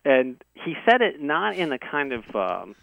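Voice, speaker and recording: A man's voice: on the high side, sing-song, measured pace, vocal fry, dry recording. A male guest earnestly telling a detailed personal story in a conversational way, heard over a phone. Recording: tinny dry phone line.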